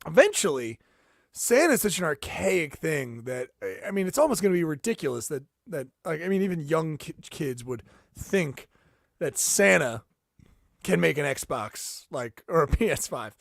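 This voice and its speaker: A man co-hosting a comedy podcast, rambling in animated casual chat. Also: a little high, moderate pace, gravelly, dry recording, clean studio sound. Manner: rambling, animated, slips into silly impressions. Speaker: podcast co-host.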